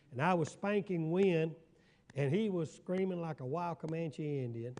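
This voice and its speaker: A man's voice: fairly high pitch, moderate pace, a little mellow. An older man, a pastor teaching a Bible study in a folksy storytelling way, now and then asking his listeners if they follow. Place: church hall.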